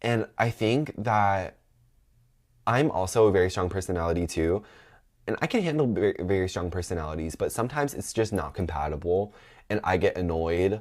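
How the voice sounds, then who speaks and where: A man's voice: deep voice, animated, moderate pace, a little mellow. A man in his twenties telling a long, gossipy personal story on a podcast, chatty and full of fillers and asides. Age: 20s. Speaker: podcast host. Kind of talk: casual storytelling.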